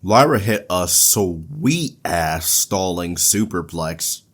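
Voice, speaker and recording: A man with a lowish voice talks through wrestling matches at an unhurried, drawn-out pace. He sounds laid-back and swears casually, chuckling at his own stumbles. The delivery suits a casual podcast recap. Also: animated, husky. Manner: laid-back, profane, laughs at himself. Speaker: podcast host.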